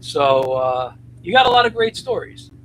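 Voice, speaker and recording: A man's voice: on the high side, big pitch swings, normal speed, a bit bright, a little hiss or hum, rough recording. A man hosting a casual livestream chat, friendly and chatty, laughing easily with his guests. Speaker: host.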